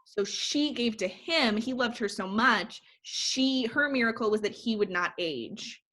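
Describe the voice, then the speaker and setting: A woman's voice: fairly high pitch, unhurried. A woman in casual conversation, animatedly retelling a film plot full of "like" fillers. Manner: animated storytelling, recapping a movie with filler "like". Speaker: podcast co-host. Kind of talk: casual chat.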